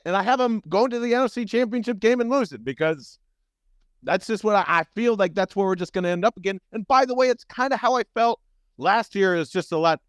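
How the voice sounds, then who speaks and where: A man co-hosting a casual sports podcast, animated and profane, his voice swinging up and down as he argues. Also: dry recording, studio quality. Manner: animated, profane, jumps up and down in pitch. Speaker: podcast co-host.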